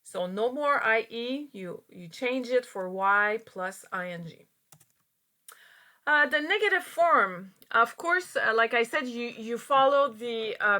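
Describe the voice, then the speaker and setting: A woman's voice: mid-range voice, sharp tone. A woman teaching an English grammar lesson, patiently explaining step by step with frequent fillers.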